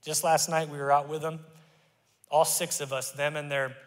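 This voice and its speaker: A middle-aged male pastor preaching with fervor, rising to loud emphatic calls and dropping to quiet, confessional tones. His voice sits a little high for a man. The sermon rings out through a large church hall with a long reverb tail. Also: little pitch movement, moderate pace. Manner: passionate preaching, swinging from loud to hushed.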